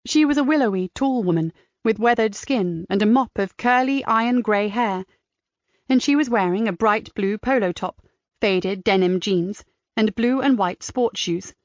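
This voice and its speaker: A woman narrating a crime audiobook in a measured, descriptive manner. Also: mid-range voice, dry recording. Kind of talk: scripted narration. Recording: dry, slightly dull studio sound.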